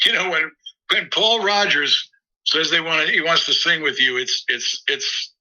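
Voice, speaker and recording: A man with a very bright, forward voice tells stories in a rambling way, restarting his phrases often. He speaks as a musician guest in a casual interview. The sound is slightly dull and lo-fi. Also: a little high, a little slow. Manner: rambling anecdotal, frequent restarts and acted quotes. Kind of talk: interview storytelling.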